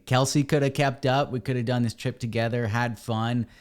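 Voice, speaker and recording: A man, a podcast guest, telling a story in a casual, animated way and calling people dude and man. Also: mid-range voice, normal speed. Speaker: podcast guest, ebike company cofounder.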